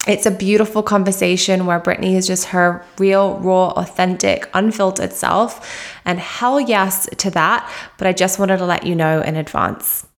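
A woman's voice: on the low side, fairly even intonation, normal speed. Gushing podcast host woman. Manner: gushing, affirming. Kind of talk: casual podcast interview.

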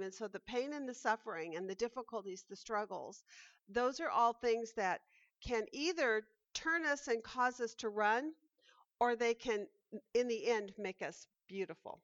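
Earnest woman leading a Bible study; fairly high voice, dry, muffled recording. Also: dry recording. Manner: earnest, thoughtful, with restarts. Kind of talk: Bible study lesson, reading aloud and reflecting.

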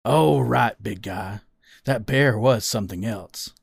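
A man voicing an older male fox father, teasing and mischievous with a slow drawl. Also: lowish voice, gravelly, slightly rough, no room sound, studio quality, exaggerated voice. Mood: musing. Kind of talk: storybook character voice.

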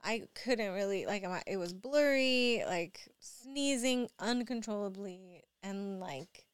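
A young woman and mother telling a rambling, animated story full of fillers, sounding drowsy. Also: mid-range voice, slow pace, smooth, no room sound. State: drowsy from allergy medicine. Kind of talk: casual storytelling vlog.

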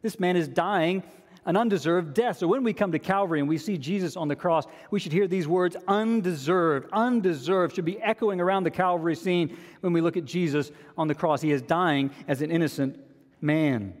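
A man's voice: a little high, a little fast, a little mellow, in a large hall. A man preaching a sermon as a pastor, earnest and repeating key phrases for emphasis.

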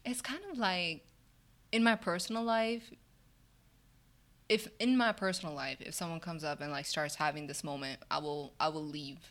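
Woman, slightly low pitch, candid and animated, quick to laugh, acting out quotes in casual conversation.

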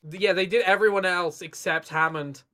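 Bright-voiced, dry co-host. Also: medium pitch, steady tone, a little fast. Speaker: podcast co-host. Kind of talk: casual chat.

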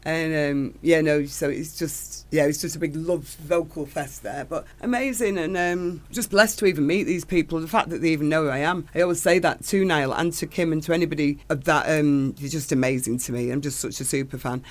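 A woman's voice: deep voice, brisk, few pauses. A middle-aged woman, a singer chatting in an interview, gushing and rambling with enthusiasm. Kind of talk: casual interview chat.

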